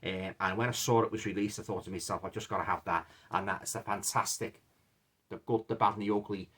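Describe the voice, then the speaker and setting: A man's voice: fairly low pitch, steady tone, fast, fairly bright tone, breathy edge. A middle-aged man with a Liverpool accent chatting casually about his latest film purchases, rambling with lots of fillers and restarts. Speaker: vlogger showing film purchases. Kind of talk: casual chat.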